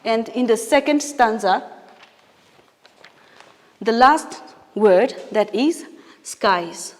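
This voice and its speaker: In a recorded classroom lesson with a long hall reverb, a woman gives an English poetry class. Her fairly high voice is expressive and very slow as she explains patiently, step by step, using fillers and correcting herself in small ways.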